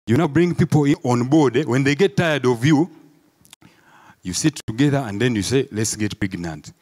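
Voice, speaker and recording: A man with a Ugandan English accent doing a stand-up comedy set, telling animated stories and asking the crowd "eh?". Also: mid-range voice, normal speed. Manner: animated storytelling, acts out crowd voices, peppered with "eh?". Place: live comedy show before an audience.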